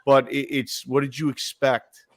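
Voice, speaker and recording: A man's voice: medium pitch, flat delivery, unhurried. A man co-hosting a casual sports podcast, blunt and profane, hammering his points with repeated phrases. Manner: blunt, profane, emphatic with frequent repetitions. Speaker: podcast co-host.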